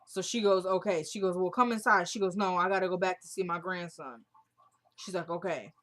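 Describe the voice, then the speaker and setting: A woman talks straight to her audience in a relaxed, casual recap of a TV episode. She retells the scenes line by line, stringing them together with "she goes" and "he's like." Her speech is informal and full of slang. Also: lowish voice, a little fast. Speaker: TV show recap vlogger.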